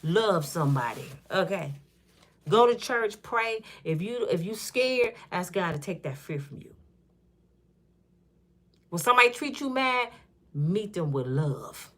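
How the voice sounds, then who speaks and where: A woman's voice: medium pitch, lively intonation, a little slow, long pauses, fairly bright tone. A woman in her fifties hosting her own channel, talking in a casual, joking way and acting out little scenes as she goes. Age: 50s. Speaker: channel host. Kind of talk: casual commentary vlog.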